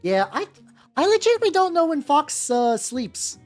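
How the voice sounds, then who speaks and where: A woman with a high, very animated voice streams while painting miniatures, speaking at a moderate pace. She chats casually and rambles, swearing freely and often restarting sentences, with faint music in the background.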